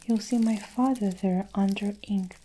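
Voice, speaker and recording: A woman's voice: medium pitch, fairly even intonation, measured pace, mellow, slight background noise, natural voice, low-quality recording. Woman whispering a nervous little schoolboy. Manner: nervous, hesitant. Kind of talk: whispered role-play.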